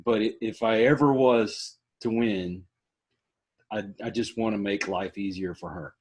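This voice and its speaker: Husky, low-voiced man. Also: steady tone, a little slow. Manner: folksy, joking. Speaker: podcast host. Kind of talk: casual interview chat.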